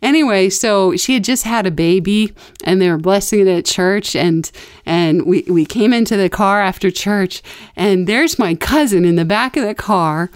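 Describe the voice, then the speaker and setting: A woman's voice: medium pitch, normal speed, clear, resonant tone, no echo, studio quality. A woman co-hosting a casual parenting podcast, telling stories and acting out the people she quotes. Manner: animated storyteller, acts out quotes. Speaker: podcast co-host.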